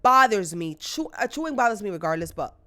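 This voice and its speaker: A young woman co-hosting a podcast in casual chat, frank and blunt, swearing freely and talking in quick bursts. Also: mid-range voice, sing-song, a bit bright. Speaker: podcast co-host.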